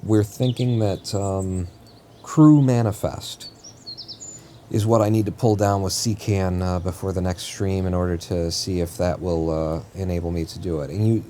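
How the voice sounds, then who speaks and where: A man's voice: sits low, fairly even intonation, moderate pace, few pauses, dark tone, slight background noise. A man streaming a game live, chatting casually in a rambling, joking way and often correcting himself mid-sentence. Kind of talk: casual live-stream chat while playing.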